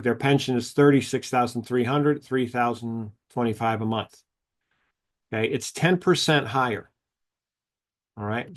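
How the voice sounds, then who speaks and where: A man presenting a seminar on government retirement benefits, explaining formulas in a chatty way and telling anecdotes. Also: medium pitch. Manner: chatty, tells anecdotes, acts out dialogue.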